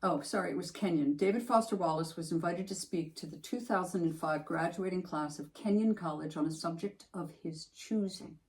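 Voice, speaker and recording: Her voice on the low side and her pace a little fast, a woman co-hosting a podcast barely pauses as she talks about a book that mattered to her. The chat is casual, animated and emphatic, with restarts as she thinks aloud, and the recording quality is low.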